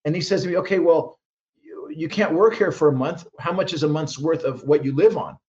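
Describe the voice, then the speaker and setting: Speaking briskly in a storytelling interview, this guest minister rushes through his anecdotes, impersonating the people he quotes and often starting sentences over. The sound is muffled and dull, while his slightly mellow voice sits a bit high for a man.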